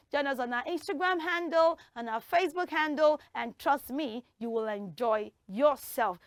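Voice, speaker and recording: A woman hosting a children's TV quiz show, bubbly and encouraging, heaping praise on the kids and drawing words out slowly when teaching. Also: high voice, no echo, clean studio sound. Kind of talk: lively hosting of a kids' quiz in front of a school audience.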